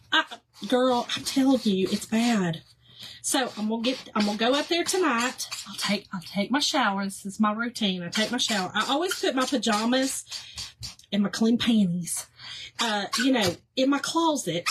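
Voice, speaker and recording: A woman chatting with live viewers while she works on a craft project, animated and quick to laugh, with soft near-whispered asides. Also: fairly high pitch, slight background noise. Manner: chatty and animated, laughs often, calls viewers "y'all" and "girl". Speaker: livestream host doing a craft project.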